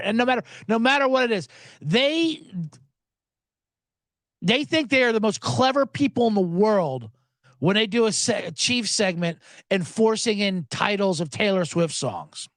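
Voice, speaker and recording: A man's voice: high voice, animated, moderate pace, fairly bright tone, no echo. A man hosting a sports betting podcast, ranting sarcastically with profanity and mocking voices. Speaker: podcast host.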